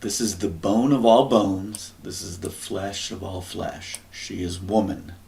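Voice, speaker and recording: A man thinking aloud through a scripture and word study, often clearing his throat. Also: deep voice, steady tone, unhurried, warm tone. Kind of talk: musing scripture study talk.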